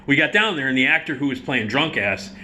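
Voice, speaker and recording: Dude telling a crude theater story, bright voice, mid pitch, laughing a lot. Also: male voice, fairly quick, slight background noise. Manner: profane, animated, laughing storyteller. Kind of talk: casual anecdote telling.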